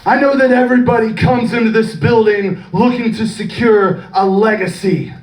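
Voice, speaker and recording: A man delivering an intense, shouted wrestling promo with a heavy rhythmic cadence. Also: sits high, fairly even intonation, moderate pace. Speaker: wrestling student. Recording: echoey room from far off.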